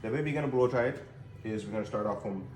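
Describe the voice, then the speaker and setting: A man's voice: on the low side, quick pace, a little mellow. A male hair stylist in a salon giving a casual how-to demonstration, speaking in an instructive way and often repeating his words. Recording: echoey salon room, faint ambience.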